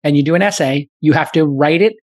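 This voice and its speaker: A man hosting a podcast, riffing quickly in casual chat at a studio mic. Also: a little high, no room sound. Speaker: podcast host.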